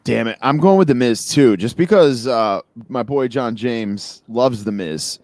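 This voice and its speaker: A man from western Massachusetts chats casually with a co-host, tossing in jokes and quick asides. His voice sits in an ordinary middle pitch. The sound is close and dry. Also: expressive, darkish tone, dry recording. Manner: chatty, joking, quick asides. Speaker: podcast co-host. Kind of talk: casual chat.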